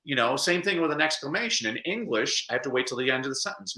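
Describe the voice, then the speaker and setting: A man speaking as a guest in a casual interview, animated and playful, often putting on quick voices to make a point. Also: medium pitch, reverberant, rough recording. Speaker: guest speaker and literacy coach. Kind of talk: casual video call interview.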